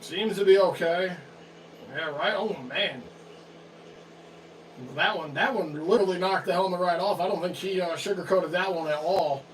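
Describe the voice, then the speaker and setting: A man co-hosting a livestream, giving relaxed play-by-play calls of a hockey game, swearing casually and chatting with his co-host. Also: sits high, normal speed. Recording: distant mic with faint background noise.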